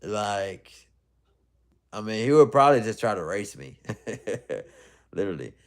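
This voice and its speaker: A man's voice: fairly low pitch, expressive, unhurried. A young man casually chatting on a livestream, reading viewer comments in a loose, rambling way and laughing often. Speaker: livestream host.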